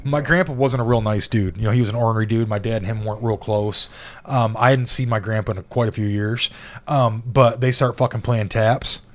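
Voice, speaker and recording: A man's voice: lowish voice, fairly even intonation, brisk. A middle-aged man co-hosting a casual podcast, telling a long, profane family story full of restarts. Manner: profane, rambling anecdotes with many restarts. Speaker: podcast co-host.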